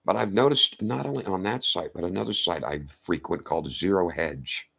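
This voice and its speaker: A man's voice: deep voice, normal speed, vocal fry, a bit bright, husky. A man ranting to camera in a profane, confrontational, rambling way. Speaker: vlogger.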